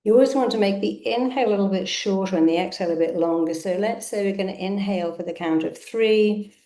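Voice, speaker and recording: A woman's voice: mid-range voice, fast talker, mellow, echoey room. A woman therapist leading a live online session, coaching listeners through a self-help exercise and repeating affirmations with emphasis.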